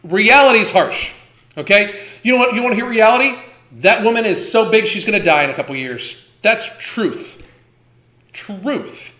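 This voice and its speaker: A man's voice: sits high, animated, moderate pace, sharp tone, echoey room. Profane, heated man in his fifties. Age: 50s. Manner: profane, heated, emphatic repetition. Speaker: host. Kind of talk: ranting livestream commentary.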